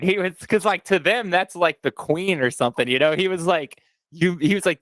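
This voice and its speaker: Male co-host, rambling storyteller, higher pitch, dry mic. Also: brisk, fairly bright tone, no echo. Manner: rambling storyteller, swears freely. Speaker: podcast co-host. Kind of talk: casual chat.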